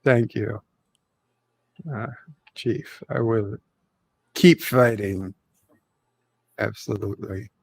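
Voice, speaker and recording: A man hosting a casual livestream chat, speaking in a halting way with many fillers and pauses. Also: lowish voice, fairly even intonation, gravelly, breathy edge, dry recording. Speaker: livestream host.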